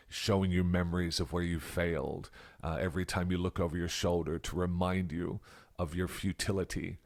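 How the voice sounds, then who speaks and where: An Australian man giving a reflective English grammar lesson, musing aloud and now and then dropping to a whisper to act out example questions. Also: deep voice. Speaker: English teacher.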